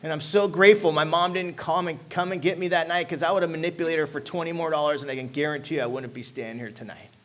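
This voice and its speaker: A man shares his recovery story as a personal testimony to an audience, speaking emphatically and constantly dropping "man" and "you know what I'm saying." His voice is on the high side and fairly bright, and he talks fast with few pauses.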